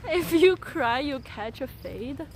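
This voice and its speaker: High-voiced young woman telling a story. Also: noisy background. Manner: animated, laughing, halting retelling with many restarts. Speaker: streamer. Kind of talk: casual storytelling to a live chat.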